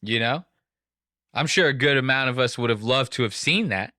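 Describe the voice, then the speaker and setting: A man's voice: medium pitch, normal speed, sharp tone, no echo, clean studio sound. A young man hosting a casual podcast, rambling and swearing as he jokes through the story. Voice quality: profane, rambling, jokey. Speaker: podcast host.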